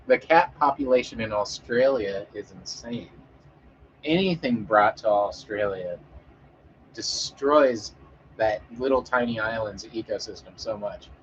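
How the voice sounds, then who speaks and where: A man's voice: fairly low pitch, a little slow, highs cut off, a little hiss or hum. A man chatting casually with an audience as a streamer, rambling and joking with frequent swearing and fillers.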